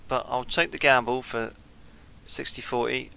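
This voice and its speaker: A man's voice: mid-range voice, fairly even intonation, normal speed, gravelly, pushed and bright. A man giving casual let's-play commentary on a strategy game, thinking aloud and trailing off mid-sentence. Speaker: gameplay commentator.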